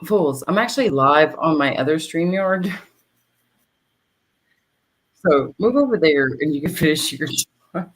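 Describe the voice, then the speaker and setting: A woman's voice: sits low, expressive, unhurried, long pauses, poor audio. A woman hosting a livestream in casual chat, rambling and profane, laughing often between her words. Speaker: livestream host.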